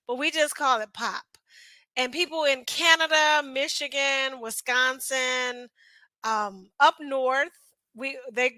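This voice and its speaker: A woman's voice: high-pitched, bright, forceful tone, dry recording, rough recording. A woman chatting casually to her viewers as she reacts to a video, laughing between her remarks. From northern United States. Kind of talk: casual chat to camera.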